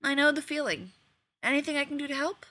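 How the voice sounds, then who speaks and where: A woman's voice: high voice, animated, quick pace, bright, forceful tone, voice pushed up. A woman reading the part of an easygoing, teasing man elf in a storybook tale.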